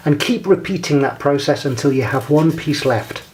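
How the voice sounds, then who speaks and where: A man with a slightly raised voice gives a scripted lesson. He speaks in a measured, deliberate way and guides the listener through each step. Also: fairly high pitch, expressive, a little mellow, a little hiss or hum. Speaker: presenter. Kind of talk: scripted instructional talk.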